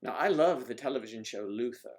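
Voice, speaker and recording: Older guy chatting on his livestream, teasing, mid-pitched, goes quiet for little asides. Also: animated, quick pace. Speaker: livestream host. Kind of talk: casual chat reading viewer comments. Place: home livestream.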